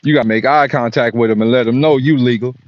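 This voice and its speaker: A man delivering a profane, animated comedic monologue, often exclaiming. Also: medium pitch, quick pace, muffled recording.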